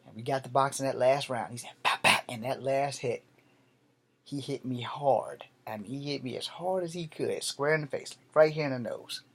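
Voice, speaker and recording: A man telling a personal story in a vlog, animated and profane, swinging between loud and soft. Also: mid-range voice, moderate pace. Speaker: martial arts vlogger.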